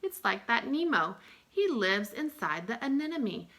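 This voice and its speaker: Woman, young-adult teacher of early learners; bright tone, sing-song delivery with drawn-out sounds. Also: on the high side, sing-song. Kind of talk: early-years lesson.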